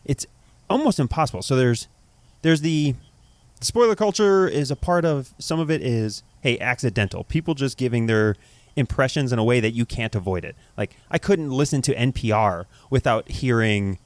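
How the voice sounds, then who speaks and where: A man co-hosting a podcast, chatting casually in a measured, reflective way and laughing easily. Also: medium pitch, expressive, dry recording. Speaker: podcast co-host. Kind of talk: casual chat.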